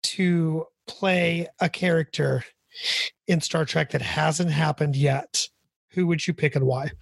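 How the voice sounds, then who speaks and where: Husky, enthusiastic man hosting a podcast. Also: on the high side, steady tone, takes it slowly, no room sound. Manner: enthusiastic, chatty, many fillers. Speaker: podcast host. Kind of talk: casual chat.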